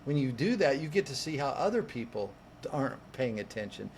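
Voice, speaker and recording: A man, a coach and podcast guest, telling a personal story in an animated way, acting out what people said and restarting words as he goes. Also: mid-range voice, brisk, a little hiss or hum. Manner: lively, acts out quoted voices, restarts words.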